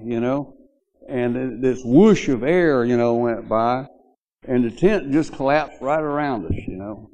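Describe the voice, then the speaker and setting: At a memorial gathering, an older man delivers a eulogy to mourners, sharing rambling, folksy anecdotes about an old friend and saying "you know" a lot. His mid-range voice is slightly mellow, heard through lo-fi sound.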